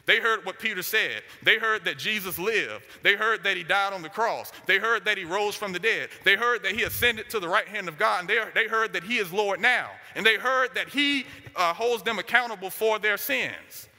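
Emphatic high-voiced male preacher, hall reverb. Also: normal speed, few pauses, sharp tone. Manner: emphatic, repeats short declarations. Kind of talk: sermon.

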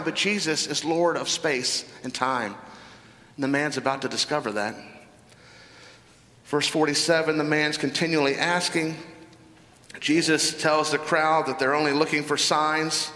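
A man's voice: a little high, fairly even intonation, measured pace, bright, forceful tone. A man with a Southern US accent preaching a sermon as pastor, emphatic and full of rhetorical questions to the congregation. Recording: echoey hall reverb.

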